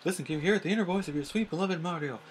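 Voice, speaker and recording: A man raises his voice to play a grandiose female ghost fortune teller from a video game. She chants and swoons over her crystal orb in a high, theatrical register, full of melodrama. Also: very fast, slight background noise, close to an everyday voice. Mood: mystic. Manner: melodramatic, incantatory.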